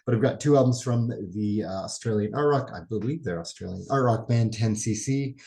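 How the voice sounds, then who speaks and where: A man casually showing off a record haul in a vlog, relaxed and rambling with musing asides. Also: medium pitch, fairly quick, gravelly, low-quality recording. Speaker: record collecting vlogger. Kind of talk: casual show-and-tell vlog.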